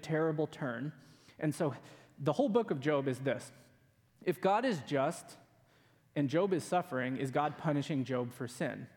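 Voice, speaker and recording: A man's voice: fairly high pitch, a little mellow, long reverb tail. A man preaching a sermon in a conversational way, often tossing in "right?" as he explains Scripture. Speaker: pastor.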